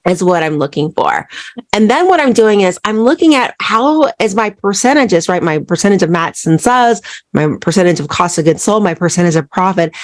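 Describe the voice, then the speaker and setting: A woman's voice: mid-range voice, expressive, moderate pace, dry recording, studio quality. A woman hosting a solo business podcast. She keeps putting questions to her listeners and tags "right?" onto her points. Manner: asks listeners repeated rhetorical questions, says "right?" often. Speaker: podcast host and accountant.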